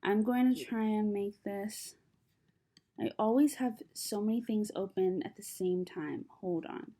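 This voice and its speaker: A woman's voice: medium pitch, unhurried, mellow. A young adult woman chatting casually to camera, rambling and self-deprecating, with a slight lisp from braces. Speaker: vlogger.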